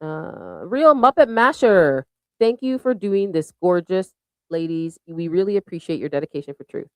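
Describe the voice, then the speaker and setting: A woman's voice: on the low side, animated, normal speed, no echo. A woman hosting a casual livestream chat, bubbly and thanking viewers one by one. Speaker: show host.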